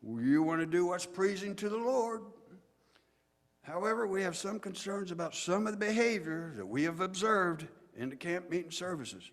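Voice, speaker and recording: A man's voice: high-pitched, lively intonation, moderate pace, pitched above the performer's own voice. A man voicing a stiff, starchy preacher who lectures boys in a sing-song, building fervor. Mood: earnest. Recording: long hall reverb.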